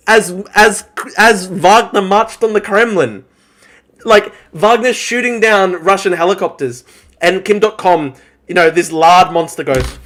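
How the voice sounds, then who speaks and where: A man rants on a live reaction stream, his voice pitched a little high. He speaks with scorn and heavy profanity, piling mockery onto his opponents. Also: expressive, moderate pace, fairly bright tone. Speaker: political streamer.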